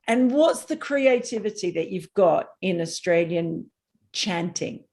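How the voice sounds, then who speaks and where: A woman guest on a casual cricket chat, giving animated, exasperated opinions. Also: mid-range voice, normal speed, creaky.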